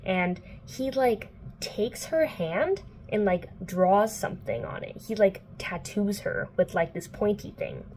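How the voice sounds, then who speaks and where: A woman's voice: mid-range voice, animated, unhurried, darkish tone, a little hiss or hum. A young woman book vlogger casually recapping a plot indoors, chatty and playful, full of "like" and swearing. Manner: chatty, filler-heavy, profane, playful.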